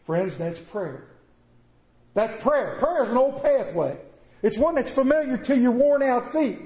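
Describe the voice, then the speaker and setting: A man preaching a sermon, telling stories and swinging between quiet and loud delivery. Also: very high voice, animated, a little slow. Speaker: pastor. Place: church sanctuary. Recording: roomy church echo.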